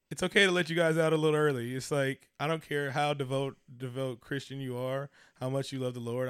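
A man's voice: mid-range voice, smooth, dry recording, clean studio sound. A man co-hosting a casual podcast, talking loosely and profanely and slipping into mock voices. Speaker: podcast co-host. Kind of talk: casual chat.

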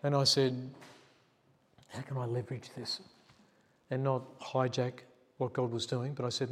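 A man's voice: mid-range voice, level tone, a little slow, long pauses, fairly bright tone, husky. A male pastor, telling a story in a sermon and acting out the quotes in a chatty way. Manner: chatty, acts out quotes, laughs at himself. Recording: long church reverb.

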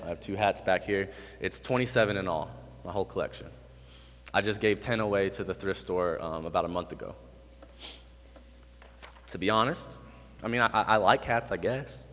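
A man in his twenties preaching a sermon to a live room, animated, moving between quiet, low remarks and loud, high bursts. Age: 20s. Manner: animated, swings from quiet to loud and high when acting out God's lines. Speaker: youth pastor. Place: hall with an audience. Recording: reverberant hall.

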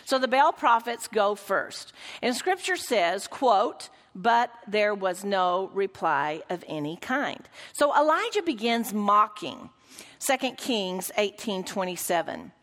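An earnest woman leads a Bible lesson, putting questions to her group and reading passages aloud. Her voice sits at an ordinary pitch and carries a long reverb, as if she is in a big room. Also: expressive, slow, a bit bright. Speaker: Bible study teacher. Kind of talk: Bible lesson teaching with read-aloud quotes.

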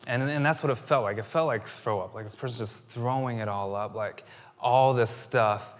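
A man's voice: medium pitch, normal speed. Man preaching in a reverberant hall. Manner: builds from quiet storytelling to loud impassioned preaching. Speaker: pastor. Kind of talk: sermon.

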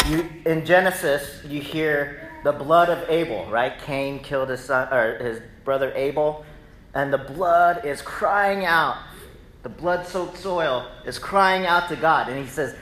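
A man preaching a sermon in a church, talking to the congregation in a loose, conversational way. His voice is bright and sits a little high, and his storytelling gets animated. The room is echoey, with a faint hum of ambience behind him. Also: measured pace. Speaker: pastor. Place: church sanctuary.

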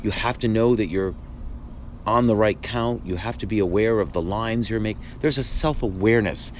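Low-pitched male playwright host, thoughtful and halting, light noise underneath. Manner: thoughtful, restarts often, animated asides. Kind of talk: casual conversation.

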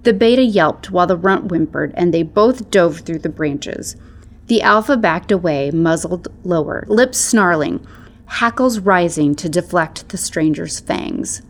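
Slow, soft-spoken woman reading a story. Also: on the low side. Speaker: narrator. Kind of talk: storybook narration.

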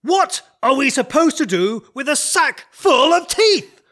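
A man playing the fussy, exasperated king of the fairies in a comedy sketch, given to shouted outbursts. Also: very high-pitched, very animated, measured pace, exaggerated voice.

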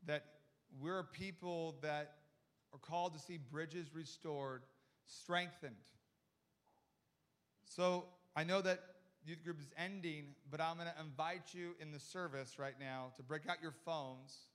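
A man preaching as a youth pastor, telling a story with quoted voices and frequent restarts. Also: on the high side. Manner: animated, quotes people in quick voices, many restarts. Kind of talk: sermon storytelling.

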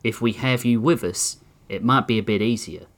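A man's voice: mid-range voice, normal speed, natural voice. A man voicing a blunt, folksy small-town police chief.

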